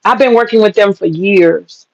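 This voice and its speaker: High-voiced man telling an emphatic story. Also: normal speed, vocal fry, dull audio. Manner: emphatic, profane, repeats lines for punch. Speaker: storyteller recounting political campaign work. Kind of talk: casual storytelling monologue.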